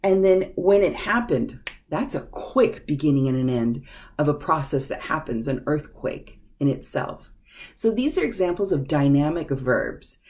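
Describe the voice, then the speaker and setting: A woman teaching an English grammar lesson, speaking patiently and deliberately and repeating each example sentence. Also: sits low, sing-song, darkish tone. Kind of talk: slow, clear grammar lesson.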